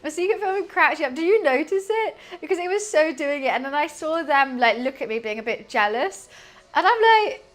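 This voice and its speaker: A woman's voice: sits high, brisk, hardly any pauses. A young woman streaming from her home kitchen, chatting casually as she cooks. She giggles often and keeps losing her train of thought. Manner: chatty, giggly, easily distracted. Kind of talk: casual live-stream cooking chat.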